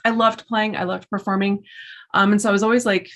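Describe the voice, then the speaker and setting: A woman, a guest in an interview, chatting in an animated, storytelling way about her work as a musician and entrepreneur. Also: mid-range voice, brisk. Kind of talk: casual interview chat.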